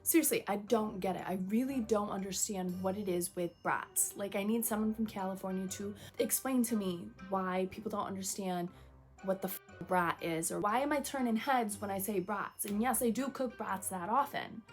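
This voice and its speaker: A woman's voice: medium pitch, moderate pace, faint music behind. A young woman from Michigan with a Michigan accent, talking casually to camera in a chatty, swearing vlog style. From Michigan, USA. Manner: chatty, swearing, animated quoted voices, dramatic whispers. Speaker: vlogger.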